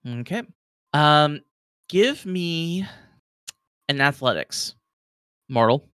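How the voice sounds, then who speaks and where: Casual, smooth-voiced game master. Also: male voice, fairly high pitch, animated, drawn-out words, fairly bright tone, no echo. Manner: casual, filler-heavy, lots of "like". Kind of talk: narrating a tabletop game.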